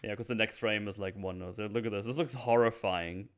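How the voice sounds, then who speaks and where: A man hosting a casual film review chat, laughing often and acting out characters in quick voices. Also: fairly low pitch, steady tone, clear, resonant tone. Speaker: podcast host.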